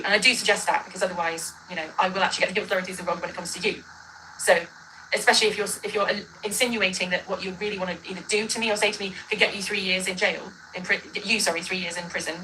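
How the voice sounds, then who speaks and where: Fast, bright-voiced ranting woman. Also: lowish voice, a little hiss or hum, rough recording. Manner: rambling, combative, self-correcting. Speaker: livestreamer in a dispute. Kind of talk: ranting reaction video.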